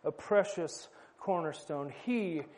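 Brief: male preacher, high voice, conversational sermon style, slows down to drive points home. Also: a little mellow. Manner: conversational with wry asides, slowing for emphasis.

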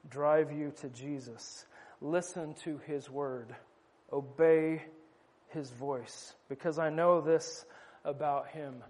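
A man preaching a conversational sermon with wry asides, slowing down for emphasis. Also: fairly high pitch, darkish tone.

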